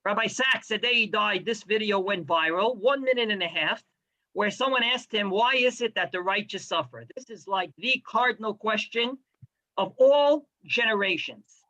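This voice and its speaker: High-voiced man teaching a lively class. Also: normal speed, lo-fi sound. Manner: animated, sarcastic asides; mixes in Hebrew terms. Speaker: Torah teacher. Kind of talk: lecture to a class.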